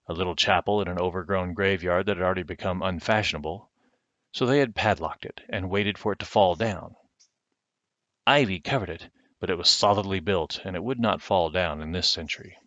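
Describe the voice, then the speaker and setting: Casting: father doing bedtime storybook reading, very low voice, dull webcam audio. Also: fairly bright tone, no echo. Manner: measured storytelling, slowing for effect. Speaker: father reading to his children. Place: home. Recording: dull lo-fi webcam sound, dry.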